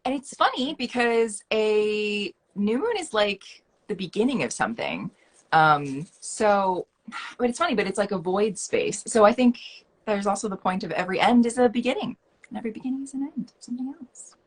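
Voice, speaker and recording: A woman's voice: medium pitch, expressive, moderate pace. A woman hosting a live stream, talking in a chatty, rambling way and laughing easily. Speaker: host. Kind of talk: casual chat. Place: home, on a live video stream.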